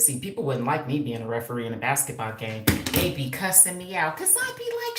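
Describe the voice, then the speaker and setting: A woman of about fifty talks on her livestream in a low, deep voice, loud-mouthed and quick to swear or laugh. She chats casually with viewers and answers their comments. The sound is roomy and echoey, like it was recorded in a bare room at home. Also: huge pitch swings, a little hiss or hum. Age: 50s. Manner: brash and profane, laughing often. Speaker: hairstylist and livestream host.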